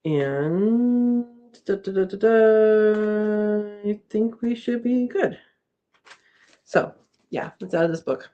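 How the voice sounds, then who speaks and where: A woman's voice: mid-range voice, dull audio. A woman hosting a casual live chat from home, reading viewer comments aloud and laughing often. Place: home, indoors.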